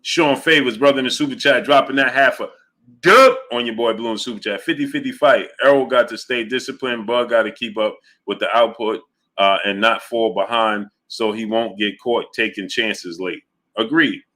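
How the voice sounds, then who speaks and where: A man's voice: mid-range voice, fairly even intonation, moderate pace, sharp tone. A man hosting a boxing livestream, arguing his points emphatically and repeating them while reading out viewer chat messages. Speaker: boxing show host.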